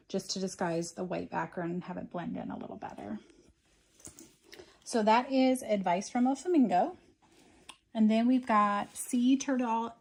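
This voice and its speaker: Mellow-voiced woman explaining a craft project. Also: mid-range voice. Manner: chatty step-by-step explaining with frequent ums. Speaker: craft tutorial host. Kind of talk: casual craft demonstration.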